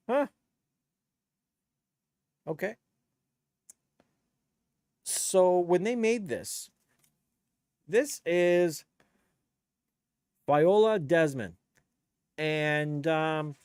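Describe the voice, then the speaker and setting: A man's voice: fairly high pitch, darkish tone, no echo, clean studio sound. A man, a DJ chatting on his live stream in a blunt, rambling, profane way. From Canada. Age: 50s. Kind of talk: casual live-stream chat.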